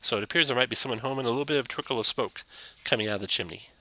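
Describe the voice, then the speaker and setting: A man's voice: medium pitch, very fast, bright, forceful tone, dry recording. A man narrating as game master of a tabletop game, reading plainly with hesitant fillers.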